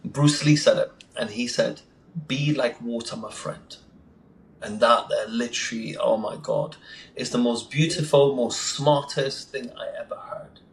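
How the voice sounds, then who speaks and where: A man's voice: mid-range voice, steady tone, measured pace, vocal fry. A man talking as a podcast guest in a casual interview, enthusiastic and emphatic, sometimes acting out what others say. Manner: enthusiastic, emphatic, acts out quotes. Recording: echoey room with faint noise.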